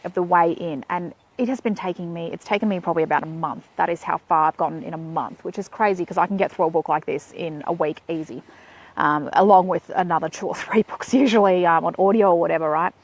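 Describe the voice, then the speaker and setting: Chatty Australian woman on a phone live stream. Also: fairly low pitch. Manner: chatty and playful, walking while talking. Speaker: vlogger. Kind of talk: casual Facebook live chat. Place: outdoors in shade.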